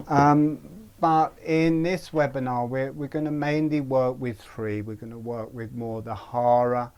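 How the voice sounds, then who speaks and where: Slow, gentle man teaching breathing. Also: mid-range voice, fairly even intonation, clear, resonant tone, dull audio. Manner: slow, gentle, halting with pauses. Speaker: meditation teacher. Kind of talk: webinar breathing instruction.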